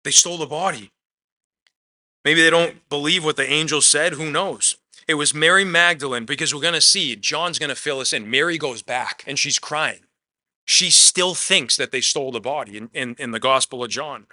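A male pastor delivers a conversational sermon, his voice very bright and cutting, pitched a little high for a man. He leans hard on some lines and drops almost to a murmur on others, and he keeps slipping a casual "man" into his preaching. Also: moderate pace. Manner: swings between loud emphatic lines and soft quiet asides.

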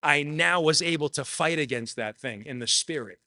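Forceful, earnest male preacher. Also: on the high side, moderate pace, no echo, studio quality. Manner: earnest, repeats phrases for emphasis; shares personal testimony. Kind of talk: sermon.

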